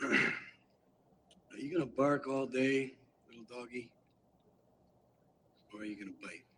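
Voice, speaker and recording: A menacing gangster taunts another man, slow, quiet and mocking. His voice sits at a middling pitch. A faint hum of ambience lies under it. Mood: taunting. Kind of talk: film scene.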